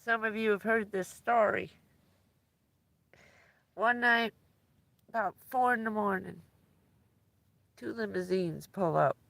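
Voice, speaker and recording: A woman's voice: mid-range voice, takes it slowly, gravelly, long pauses, fairly bright tone, no echo. A woman livestreaming from inside her van, chatting casually with viewers and laughing often as she tells stories.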